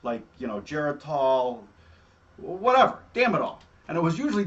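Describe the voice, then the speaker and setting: A man hosting a show, telling stories in a casual, animated way and often adding "all right?". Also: on the high side, normal speed, muffled recording. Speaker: host. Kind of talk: casual storytelling.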